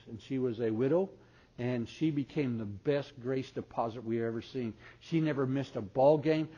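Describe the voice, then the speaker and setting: A man's voice: mid-range voice, highs cut off. Folksy older man teaching parents. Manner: folksy storyteller, swings from loud excited bursts to soft intimate asides. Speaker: parenting seminar speaker. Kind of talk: live seminar talk with audience questions.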